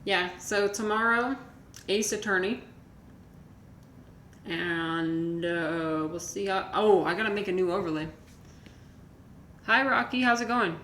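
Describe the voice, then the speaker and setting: A woman's voice: medium pitch, takes it slowly, pauses often, fairly bright tone. A woman streamer, chatting casually with viewers in a rambling way, full of fillers and restarts. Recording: echoey room with faint noise.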